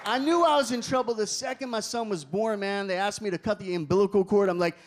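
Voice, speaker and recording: A man performing a stand-up comedy set on a club stage, animated and shouting some lines. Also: high-pitched, quick pace. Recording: club crowd laughter and room noise.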